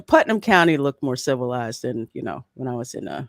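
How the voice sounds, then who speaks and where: A woman's voice: very deep voice, sing-song, brisk, few pauses, no echo, clean studio sound. A woman from Philadelphia hosting a livestream podcast, bubbly and laughing often as she greets the chat. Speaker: podcast host.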